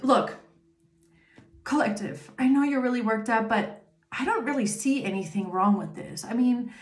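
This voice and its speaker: A woman's voice: fairly high pitch, normal speed, roomy sound, close to an everyday voice. A woman voicing a careless police officer who brushes off a frightened caller. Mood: dismissive. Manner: condescending, brushing off worries.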